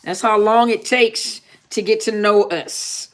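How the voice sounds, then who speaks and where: A woman's voice: mid-range voice, fairly even intonation, slow, slight background noise. A woman therapist hosting a live-stream Q&A in a casual, joking tone, often repeating herself and laughing. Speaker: therapist and channel host.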